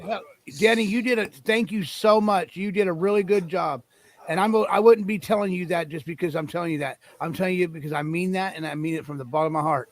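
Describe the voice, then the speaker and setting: A man hosting a live call-in stream, greeting callers with loud, upbeat energy. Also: sits high, brisk.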